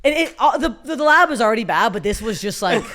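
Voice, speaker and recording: A woman with a strikingly deep voice chats on a podcast mic as a guest comedian. She tells her stories in a profane, animated way. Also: fast talker, noisy background. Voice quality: unusually deep voice. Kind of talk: casual podcast chat.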